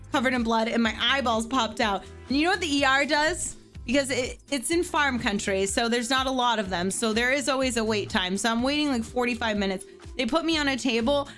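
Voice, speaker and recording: Thirtysomething woman from pennsylvania telling a story, kinda high voice, says like a lot, bit of music underneath. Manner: animated, filler-heavy with frequent "like". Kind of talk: casual storytelling.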